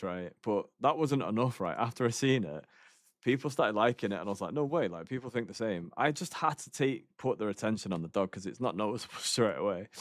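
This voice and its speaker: A man's voice: lowish voice, dry recording, studio quality. A man streaming a game, telling rambling stories in casual chat, swearing often and laughing between lines.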